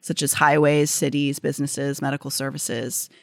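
A woman's voice: very deep voice, level tone, normal speed, gravelly, no echo, clean studio sound. A young adult woman with a Pittsburgh accent, co-hosting a podcast in a casual, chatty way, full of "like" and restarts as she reads out facts. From Pittsburgh area, United States. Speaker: podcast co-host. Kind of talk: casual chat mixed with read-out facts.

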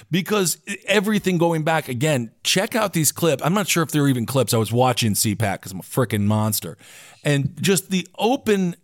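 A man hosting a casual political podcast, animated and swearing freely. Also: fairly high pitch, brisk, dry recording, studio quality. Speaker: podcast host.

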